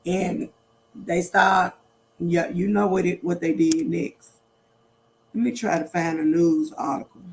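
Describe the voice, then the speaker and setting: A middle-aged woman with a gravelly, creaky voice chats on a casual livestream. She talks straight to her viewers, repeating her points with emphasis. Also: fairly low pitch, fairly even intonation, unhurried, pauses often, darkish tone. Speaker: livestream host.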